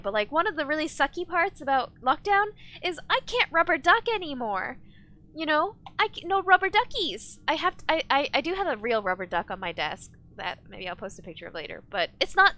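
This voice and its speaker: Young female streamer, high-pitched and bright, chatty and ranty. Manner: rambling, ranting, reads chat aloud. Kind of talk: casual live-stream chat while gaming.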